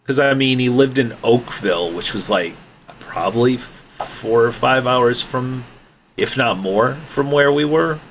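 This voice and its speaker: A man's voice: mid-range voice, unhurried, fairly bright tone, slight background noise, rough recording. Rambling man telling an old story. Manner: rambling reminiscing storyteller, full of fillers. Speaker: podcast host. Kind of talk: casual podcast chat.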